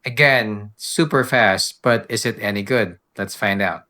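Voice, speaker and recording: A man with a bright, forward voice narrates a software walkthrough, explaining each step in an unhurried way. He sounds relaxed and practical, like a tutorial host. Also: lowish voice. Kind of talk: screen-recorded software walkthrough.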